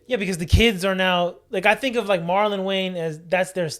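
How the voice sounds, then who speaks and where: A man's voice: high-pitched, fairly even intonation, moderate pace, fairly bright tone. A man co-hosting a podcast, telling funny family stories in casual chat, laughing and swearing freely. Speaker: podcast co-host.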